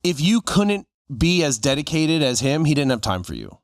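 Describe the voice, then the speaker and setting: A podcast co-host in his forties tells stories in a casual chat, acting out the voices of the people he quotes. His voice is a little high and sing-song at normal speed, in clean studio sound with no echo.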